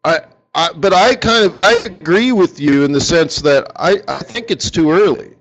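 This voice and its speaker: A fairly high-pitched man runs a live currency trading session in a loose, chatty way, cracking jokes and speaking to his viewers as if they were in the room. The audio is muffled and lo-fi, like an older webcast. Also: moderate pace, fairly bright tone. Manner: chatty and joking, talks to viewers by name. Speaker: forex market strategist.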